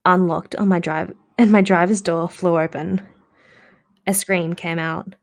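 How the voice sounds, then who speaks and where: A woman reading a novel aloud in a relaxed live-stream manner. Her voice carries steady vocal fry, and she stops now and then to correct a misread word or add a quick aside before going on. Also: fairly low pitch. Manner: reads aloud, corrects slips and adds asides. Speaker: reader of novels.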